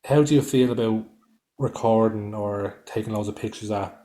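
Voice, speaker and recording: An Irish-accented man co-hosts a podcast in casual chat, speaking at normal speed in a mellow, lowish voice. He's blunt, swears often and tends to lose his thread.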